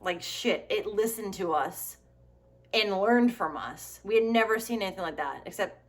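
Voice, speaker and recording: Woman, 30s, comedy vlogger, sarcastic and profane, animated asides. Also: mid-range voice, moderate pace, a little hiss or hum. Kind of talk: casual comedic commentary.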